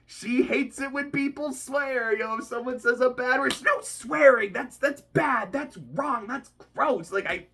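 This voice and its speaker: A reaction vlogger talking casually about a book they are reading, animated, often laughing and swearing casually. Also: high-pitched, unhurried, vocal fry, few pauses, slightly rough.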